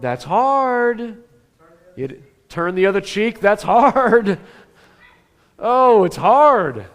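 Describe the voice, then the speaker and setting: A man preaching a sermon as pastor, animated, swinging between loud exclamations and hushed asides. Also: on the high side. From Oklahoma. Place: church sanctuary.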